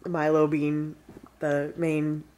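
A woman's voice: sits low, level tone, slow, darkish tone. A woman in her thirties chatting casually at home for her weekly vlog, laughing often and talking to her dogs. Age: 30s. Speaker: vlogger. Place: at home indoors.

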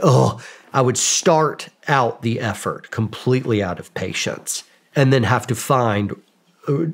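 A man in a podcast studio, telling stories about himself in a casual way. His voice sits at a middle pitch. He pokes fun at himself and acts out quoted lines with lively energy. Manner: self-mocking, lively, acts out quoted dialogue. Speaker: podcast guest. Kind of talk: casual storytelling.

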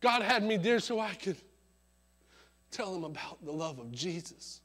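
A man preaching at a revival service with a high voice for a man. He tells his story dramatically, swelling loud at key moments and then dropping low and quiet. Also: lively intonation, measured pace. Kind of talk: sermon storytelling. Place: church service.

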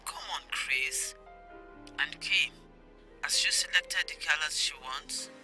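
A woman's voice: low-pitched, pushed and bright, whispered, soft background music, exaggerated voice. An actress playing a mother who pushes her son about wedding plans, in a Nigerian accent. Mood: pushy. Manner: brisk, pushy. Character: pushy mother planning her son's wedding.

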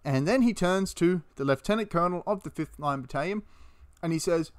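A man's voice: fairly high pitch, fairly quick. A man telling a battle story casually, swearing and acting out the quotes. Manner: animated, swears, acts out quotes in character. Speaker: history video host. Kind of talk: casual storytelling history talk.

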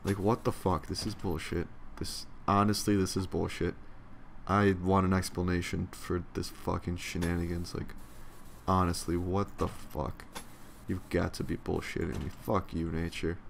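A man's voice: low-pitched, level tone, normal speed, gravelly, a little hiss or hum. A young man giving casual gameplay commentary, profane, sarcastic and tired, grumbling at the game. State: yawning, tired. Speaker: let's play commentator.

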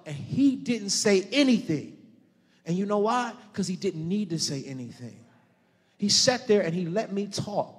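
A man preaching as a pastor in a church, telling a story in a hushed murmur and then building to loud, rousing preaching. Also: high-pitched, lively intonation, unhurried, slightly rough. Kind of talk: sermon. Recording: long reverb of a church hall.

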